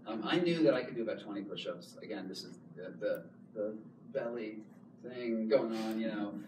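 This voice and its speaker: A man in his thirties telling a story in an animated talk, repeating words and laughing often as he goes. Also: on the low side, normal speed. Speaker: author giving a talk. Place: public hall. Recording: echoey hall, distant mic, noise.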